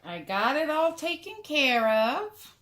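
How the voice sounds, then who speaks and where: In a very noisy recording, a woman with a high, sing-song voice takes her time. She's a craft vlogger chatting casually to the viewer while working through a sewing and painting tutorial.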